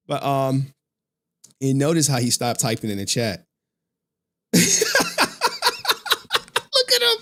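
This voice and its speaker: Male streamer, casual and animated, heavy slang and swearing. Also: fairly low pitch, normal speed, pauses often. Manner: animated, profane, slangy storytelling. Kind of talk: casual livestream chat.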